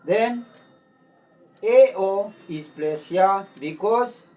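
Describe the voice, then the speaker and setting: A man teaching a language lesson, slowly repeating words and explaining their tones. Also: high-pitched, expressive, mellow, far from the mic, rough recording. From Manipur, India.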